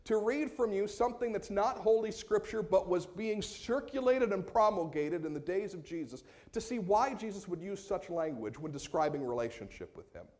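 A man preaching a sermon as pastor, moving between quiet, slowed passages and raised, emphatic appeals. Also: high voice, lively intonation.

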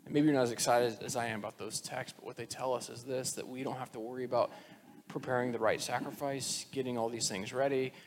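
A pastor with a mid-range, steady voice talks fast as he preaches in a large hall with slight background noise. His sermon is casual and conversational; he acts out the voices he quotes and drops almost to a whisper to stress a point.

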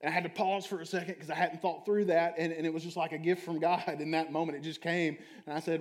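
A pastor with a fairly high voice delivers a sermon. He talks to the congregation conversationally and keeps asking them questions. His volume swings from soft, hushed stretches to loud, animated ones. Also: fast talker, hardly any pauses. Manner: animated, shifting between loud and quiet.

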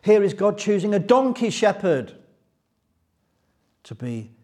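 A man gives a Bible teaching sermon, retelling the story with lively, chatty asides. His voice sits fairly high, but the tone is dark and mellow with a husky grain. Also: unhurried. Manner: lively storytelling, paraphrasing scripture. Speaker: preacher.

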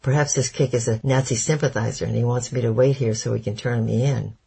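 A man's voice: mid-range voice, fairly even intonation, brisk, creaky, dark tone, breathy edge. A man voicing a fearful, suspicious older man in hiding, fretful and complaining, in a storybook reading.

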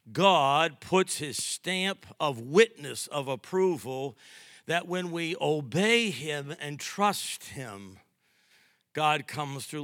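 A male preacher delivers his sermon in a high, bright voice. He acts out conversations in his stories and slips in humor. The sound is dry, with no room echo. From New York. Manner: storytelling with acted-out dialogue, lively and humorous. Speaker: pastor.

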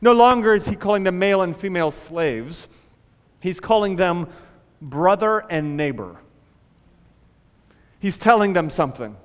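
A male pastor preaching an animated sermon, acting out panicked prayers along the way. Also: sits high, unhurried, pauses often, big-room sound.

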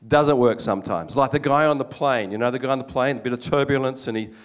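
Older Australian man, lively storytelling preacher. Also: medium pitch, fast talker. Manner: animated storytelling with jokes, acts out quoted voices. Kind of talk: sermon.

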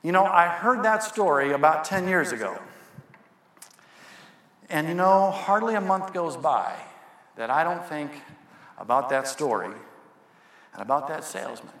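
A man preaching a folksy sermon story, quiet and reflective. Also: a little high, lively intonation, measured pace, pauses often. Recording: echoey hall with long reverb.

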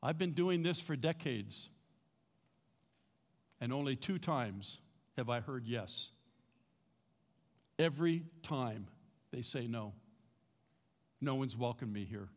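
A man with a medium-pitched voice preaches a sermon slowly, leaving long pauses. He tells stories with animation and leads the congregation in repeating greetings and phrases after him. The recording carries the echo of a reverberant hall.

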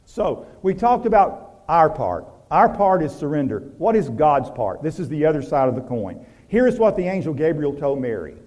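A man preaching a sermon, moving from loud emphatic lines to soft, hushed ones, with rhetorical questions and repetition. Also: a little high, big pitch swings, moderate pace, few pauses. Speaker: pastor.

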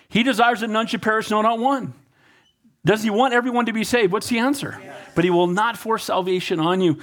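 Man, pastor preaching, slightly high-pitched, asks the congregation questions, repeats words. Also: fairly quick, a bit bright. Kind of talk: sermon.

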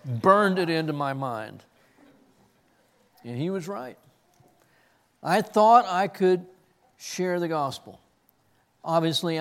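A man's voice: fairly high pitch, a bit bright. A man preaching an expository sermon, earnest, who often repeats words as he searches for the next ones. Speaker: pastor. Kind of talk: expository sermon with personal story.

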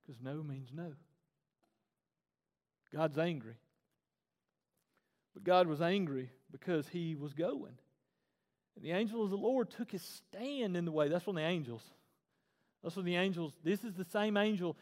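A pastor, preaching a sermon in a conversational, animated way and repeating phrases for emphasis. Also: male voice, high voice, unhurried, long pauses. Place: church auditorium stage. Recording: long reverb in a large hall.

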